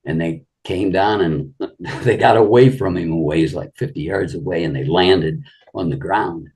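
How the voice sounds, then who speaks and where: A man's voice: low voice, measured pace, a little mellow, husky. An older man, a guest, telling rambling anecdotes in a casual interview and saying "you know" often.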